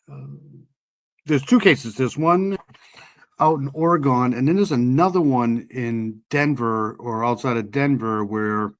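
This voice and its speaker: A man's voice: medium pitch, dry recording. A man with a New England accent hosting a casual true crime livestream, rambling with many ums and restarts. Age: older.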